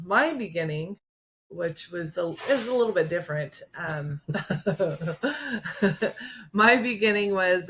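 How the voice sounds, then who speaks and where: Low-ish voice, middle-aged woman, chatty testimony, lots of ums, podcast vibe. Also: a little hiss or hum. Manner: conversational storytelling with fillers and soft laughs. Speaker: podcast co-host. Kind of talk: personal testimony, casual chat.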